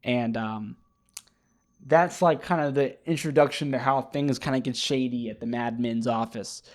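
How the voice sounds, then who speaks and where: A man talking casually on his own, retelling a TV episode in a rambling, animated way with many fillers and restarts. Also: mid-range voice, moderate pace. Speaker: podcast host. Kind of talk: casual solo recap chat.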